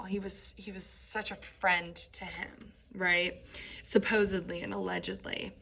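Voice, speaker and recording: Slow, gravelly-voiced woman teacher. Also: fairly low pitch, level tone, pushed and bright, slight background noise, rough recording. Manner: explains lines in casual paraphrase, frequent "right?" and "um"; reads verse aloud between plain explanations. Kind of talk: classroom lecture on a play.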